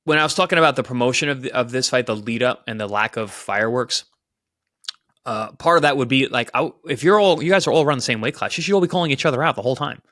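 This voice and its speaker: A man, a former pro boxer, talking boxing in a casual podcast chat, and his voice jumps up when he gets excited. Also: medium pitch, quick pace, no room sound, clean studio sound.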